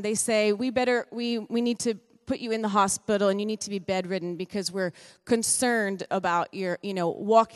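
Middle-aged woman, relaxed testimony at church, talkative and self-correcting, long hall reverb. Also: medium pitch, clean tone. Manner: chatty, self-correcting storyteller with light laughs. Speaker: pastor's wife giving a testimony.

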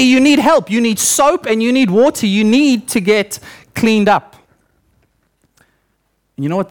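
A young male preacher giving a sermon in church, telling stories with acted-out quotes and voices. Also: high-pitched.

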